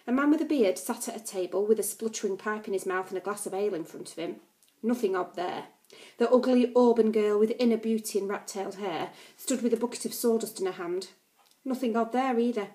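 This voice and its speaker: A woman's voice: mid-range voice, a little fast, mellow. A woman teacher reading a class novel aloud to her pupils, with playful chatty asides.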